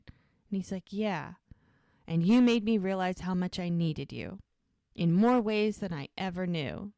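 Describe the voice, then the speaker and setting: A woman co-hosting a podcast recaps a TV episode in casual conversation, retelling scenes and acting out characters' lines in lively voices. Her voice is on the low side at a measured pace, with clean, echo-free studio sound.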